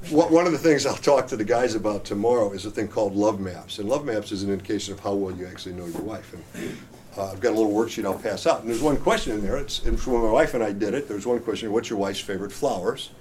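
Leading a marriage workshop, this middle-aged man speaks fast in a low, darkish voice, with slight background noise. His live lecture to couples is full of jokes and audience quizzing, and he constantly asks "right?" while the crowd audibly responds.

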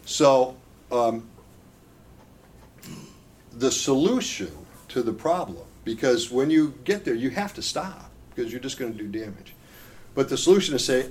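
A man's voice: mid-range voice, expressive, normal speed. A middle-aged man giving a conversational marriage seminar talk, folksy and joking, often checking in with his listeners. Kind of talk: conversational lecture to an audience.

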